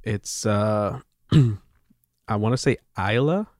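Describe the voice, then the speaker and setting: A young man co-hosting a podcast, laid-back and quick to laugh in casual chat. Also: on the low side, gravelly, no room sound, clean studio sound. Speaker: podcast co-host.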